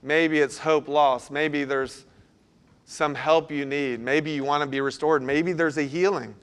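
A man preaching a sermon as a pastor, telling a personal story and moving between hushed passages and loud, urgent ones. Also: on the high side, steady tone, unhurried, clean tone.

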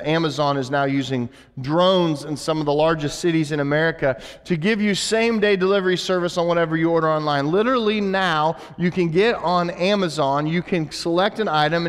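A man's voice: fairly high pitch, in a large hall. A man giving a conversational sermon as a pastor, with frequent restarts and asides.

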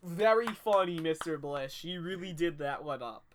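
A man co-hosting a casual comedic podcast, chiming in with quick, wry agreement over a video call. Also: on the high side, animated, a little hiss or hum. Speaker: podcast co-host. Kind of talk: casual comedic book-discussion chat.

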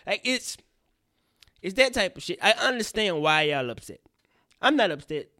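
A man's voice: high-pitched, moderate pace, dry recording, studio quality. A young man hosting a podcast, ranting in casual news commentary, profane and prone to tangents. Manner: animated, profane, goes off on tangents. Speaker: podcast host.

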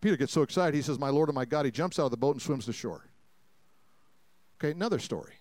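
Man, pastor, folksy storytelling sermon, loud then quiet asides, dry close sound. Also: mid-range voice, animated, quick pace, no room sound. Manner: folksy, jokey storytelling with acted-out quotes; swings between loud preaching and quiet asides. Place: church sanctuary before a congregation.

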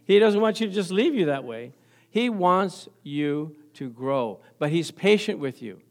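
Taking his time, this pastor delivers a sermon built on ordinary life stories, his voice expressive and on the high side. Laughter comes often, and he invites the congregation to answer him with amens in a call-and-response way.

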